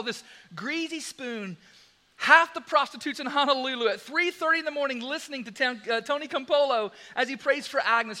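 A man preaching a sermon, telling a story in an animated, dramatic way. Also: very high voice.

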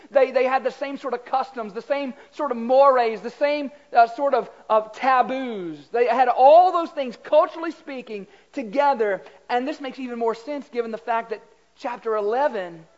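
A man with a Southern US accent preaching a conversational sermon in a church, chatty and folksy, quizzing the congregation and repeating words. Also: extremely high pitch. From Southern United States. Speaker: pastor. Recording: slightly dull lo-fi sound.

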